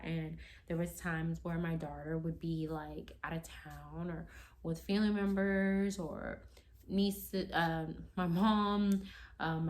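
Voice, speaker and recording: Woman, lowish voice, casual storytime vlogger, rambling, acts out quotes. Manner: chatty, rambling, heavy on "like" and "you know"; acts out quoted lines in a raised voice.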